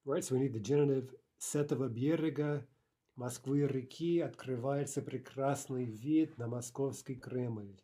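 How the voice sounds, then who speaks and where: A man's voice: medium pitch, normal speed, dark tone. A man teaching a language lesson, explaining grammar step by step with a patient manner and frequent checks like "right?" and "okay".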